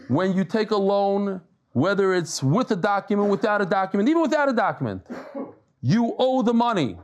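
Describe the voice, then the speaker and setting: Male Talmud teacher, slightly higher voice, chatty lecture style with jokes and Hebrew and Aramaic terms. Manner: lively, conversational teaching with jokes and stories. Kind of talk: daily Talmud lesson.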